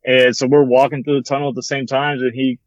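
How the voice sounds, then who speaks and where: A young man, a former bat boy, telling a story in casual chat, with lots of fillers and a relaxed manner. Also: mid-range voice, fast talker, dry recording, lo-fi sound. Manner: relaxed, rambling, many fillers like "like" and "you know".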